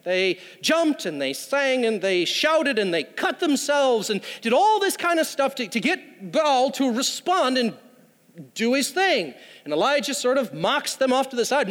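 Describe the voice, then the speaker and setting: A man's voice: very high voice, sing-song, measured pace, fairly bright tone. A man preaching a sermon, telling a story with humorous asides. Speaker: pastor. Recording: long hall reverb.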